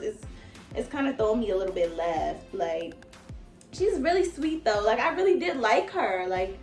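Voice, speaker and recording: A woman nail technician telling a casual storytime, animated and profane, talking straight to her viewers as "y'all.". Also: a little high, normal speed, soft background music. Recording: echoey room.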